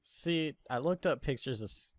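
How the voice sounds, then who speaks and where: A man's voice: mid-range voice, expressive, moderate pace, no room sound. A man co-hosting a podcast, making teasing joking asides in casual chat. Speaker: podcast co-host.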